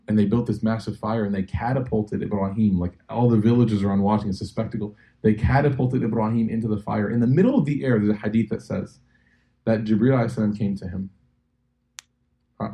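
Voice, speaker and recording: Animated storytelling male lecturer, warm voice. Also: lowish voice, creaky. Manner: animated storytelling, acting out quotes, jokey asides. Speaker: imam lecturer. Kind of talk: lively religious lecture to a live audience.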